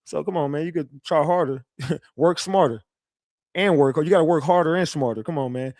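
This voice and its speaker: A man on a livestream rants loosely at his chat. He stays defensive and boastful, swearing freely and restarting sentences. His voice sits a little high and sounds dry, as if he is right on a close mic. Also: moderate pace, no echo. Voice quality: profane, animated, repetitive restarts. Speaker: livestream commentator. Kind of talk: casual livestream rant.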